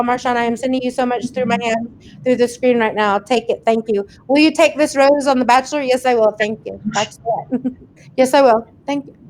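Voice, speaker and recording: A woman's voice: fairly high pitch, slight background noise. A woman hosting a casual livestream, chatting and laughing as she reads out viewers' comments and thanks them by name. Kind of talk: casual live chat.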